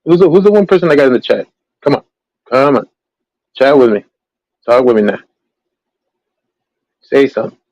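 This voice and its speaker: A man's voice: mid-range voice, lively intonation, normal speed, pauses often, a little mellow, no room sound, muffled recording. A man hosting a casual livestream, chatting in a rambling way about true-crime cases with many fillers and restarts. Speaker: livestream host.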